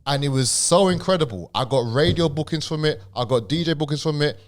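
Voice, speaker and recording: A young man with a stammer, talking as a guest on a podcast in a casual, halting way with slang. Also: on the high side.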